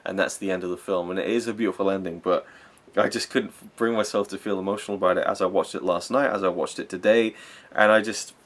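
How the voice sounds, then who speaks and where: A man's voice: low-pitched, fairly even intonation, quick pace, few pauses. A young man giving a rambling, enthusiastic spoken film review, full of fillers and self-corrections.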